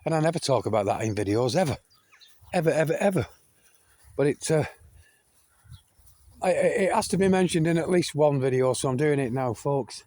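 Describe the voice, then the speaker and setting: An older British video blogger rants to camera in a mid-range, slightly mellow voice, talking fairly quickly with lively intonation. He swears heavily, keeps calling his viewers "folks," and repeats himself emphatically, often restarting.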